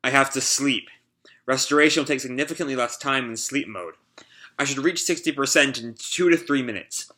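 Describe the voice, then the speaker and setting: A damaged robot companion reporting its repairs calmly and factually, read by a man. The tone is even and bright, with no added effects. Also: medium pitch, moderate pace, close to an everyday voice.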